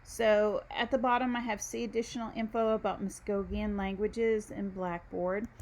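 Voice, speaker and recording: A woman teaching a recorded university lecture, explaining slowly with frequent ums and pauses while walking through a document. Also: mid-range voice, little pitch movement, darkish tone, a little hiss or hum. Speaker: university instructor. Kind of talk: recorded screen-share lecture.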